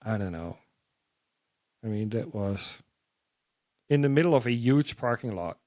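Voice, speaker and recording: A man sharing a personal testimony as a guest, halting and repeating words as he tells his story. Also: on the low side, expressive, warm tone, dry recording.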